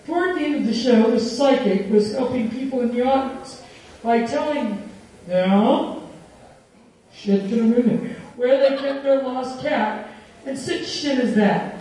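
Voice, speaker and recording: Woman storyteller, high voice, amused reading, very echoey room, far from mic. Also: a little slow, dark tone. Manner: amused narration, often breaking into laughter. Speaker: reader. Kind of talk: storytelling narration.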